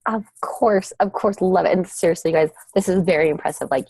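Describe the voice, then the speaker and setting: Enthusiastic woman coach on a video call, husky and low, cheering her team on. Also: brisk, a little mellow, no echo, low-quality recording. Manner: enthusiastic, repeats "you guys" and "seriously". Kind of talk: upbeat motivational video call.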